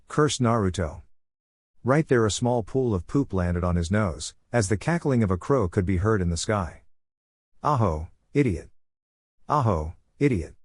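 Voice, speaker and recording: A man narrating a fan fiction story in a steady, even reading. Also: lowish voice, no room sound, clean studio sound.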